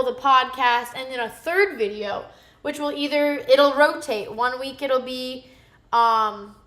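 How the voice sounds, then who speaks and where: A woman's voice: high voice, fairly bright tone, reverberant. A goofy, rambling woman, chatting casually with viewers while cooking live in her home kitchen.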